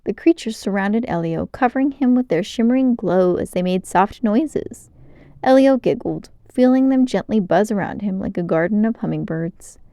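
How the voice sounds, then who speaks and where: A woman's voice: mid-range voice, normal speed, no echo, clean studio sound. Woman reading a kids' book aloud. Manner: clear, expressive narration. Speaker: storyteller. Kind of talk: children's book read-aloud.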